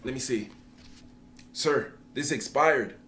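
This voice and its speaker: A man's voice: medium pitch, slow pace, fairly bright tone, distant mic, a little hiss or hum. A man playing a drive-thru worker who teases a customer, laughing through his lines.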